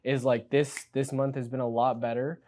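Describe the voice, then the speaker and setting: An excitable young man in his twenties tells his story on a podcast. He talks in a quick, energetic, casual way and leans on "like" constantly. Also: medium pitch. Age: 20s. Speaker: guest, new insurance agent.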